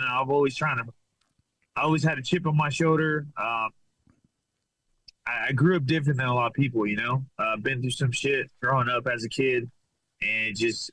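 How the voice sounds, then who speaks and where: A man from Los Angeles answers a podcast host's questions in a laid-back, halting way and often starts his sentences over. His voice has a bright, forceful edge and sits at a middle pitch. The sound is dry and close. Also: no echo, low-quality recording. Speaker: fighter and guest. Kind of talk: casual interview chat.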